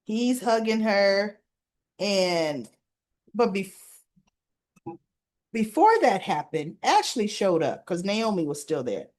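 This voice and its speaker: Her medium-pitched, darkish voice is sing-song and unhurried, with long pauses. She's a vlogger casually recapping soap opera episodes for viewers, chatty and informal, retelling scenes with quoted lines.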